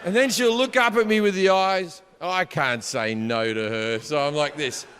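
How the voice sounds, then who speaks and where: A man performing a stand-up routine, profane and bursting into shouts. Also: fairly high pitch, moderate pace. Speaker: stand-up comedian. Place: theater stage before a live audience. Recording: long hall reverb with audience noise.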